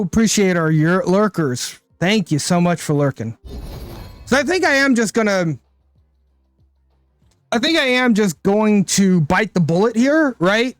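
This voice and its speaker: Chatty high-voiced male streamer. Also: no room sound. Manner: thinks aloud, tags lines with "right?". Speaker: game streamer. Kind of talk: casual live-stream commentary.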